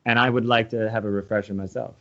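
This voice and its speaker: An American man, a comedian, interviewing a guest in casual chat with dry jokes and quick riffs. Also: lowish voice, flat delivery, fairly bright tone. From United States. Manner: dry, joking, quick to riff. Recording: slightly dull, muffled sound.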